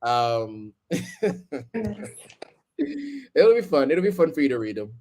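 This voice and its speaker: A man's voice: mid-range voice, lively intonation, a little fast, a little mellow. A man in his thirties hosting a live stream, chatting casually with lots of ums and easy laughter. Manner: laid-back, chuckling, many ums.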